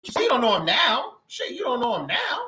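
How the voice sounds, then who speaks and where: Very high-voiced, animated man arguing casually. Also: a little fast. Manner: profane, interrupts, restarts often. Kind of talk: casual debate among friends.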